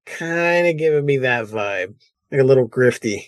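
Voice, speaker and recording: A woman's voice: extremely low pitch, animated, normal speed, no echo. A woman guest on a podcast, chatting casually with wry, amused reactions. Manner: wry reactions, laughs easily. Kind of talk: casual chat.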